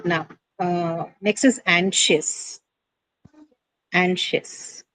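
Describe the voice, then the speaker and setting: A woman's voice: medium pitch, normal speed, darkish tone, rough recording. A woman teacher explaining word stress to a class, patient and explanatory, with many fillers.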